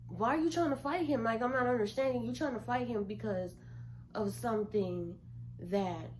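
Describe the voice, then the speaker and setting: A young woman with a somewhat high voice recounts a story to her viewers in relaxed, unfiltered chat. She is animated and blunt and swears freely. A faint hiss sits under her voice. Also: normal speed. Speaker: vlogger. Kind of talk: casual storytime.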